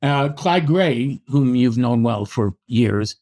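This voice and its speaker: A middle-aged man from Canada, a boxing historian telling anecdotes in an interview, with many restarts and lively acted quotes. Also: mid-range voice, slow pace. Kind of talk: storytelling in a podcast interview.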